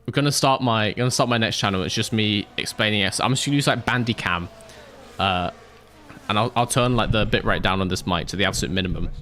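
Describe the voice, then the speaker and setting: A man's voice: lowish voice, fast talker, sharp tone, slight background noise. A man casually chatting on a live stream while playing a racing management game, joking with chat and laughing often into a desk microphone with a pop filter. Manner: jokey, laughs often, reads chat aloud.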